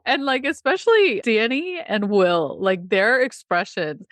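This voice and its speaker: A woman's voice: on the high side, very animated, measured pace, no room sound. A woman co-hosting a podcast in casual chat, a coach who laughs often and talks with many fillers.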